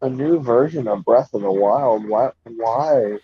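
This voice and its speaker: A man's voice: mid-range voice, unhurried, crowd noise. A man co-hosting a casual podcast, laid-back with short replies and some stumbling. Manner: laid-back, brief replies, stumbles when making a point. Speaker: podcast co-host. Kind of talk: casual chat about video games. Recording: dull, lo-fi mic with faint background noise and keyboard typing.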